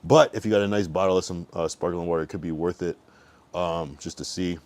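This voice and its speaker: A young livestream host chats casually and rambles, swearing freely and trailing off into mumbles. His voice is low and a little mellow, with a steady tone and a slightly fast pace.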